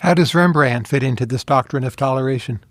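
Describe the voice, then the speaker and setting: Man, interview host, mid-pitched voice, dry sound, direct questions. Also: fairly quick, a bit bright, no echo. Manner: inquisitive, direct.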